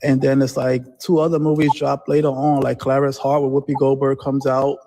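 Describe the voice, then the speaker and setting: A man's voice: mid-range voice, completely flat delivery, brisk, warm tone. A man calling in to a talk show, rambling on with many fillers. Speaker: caller. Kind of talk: casual phone-in chat.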